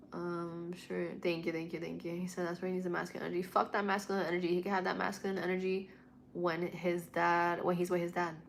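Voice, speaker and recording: Lowish-voiced woman chatting on a livestream. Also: a little hiss or hum. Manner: mixes english and spanish, swears freely, candid. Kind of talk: casual livestream chat. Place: home at night.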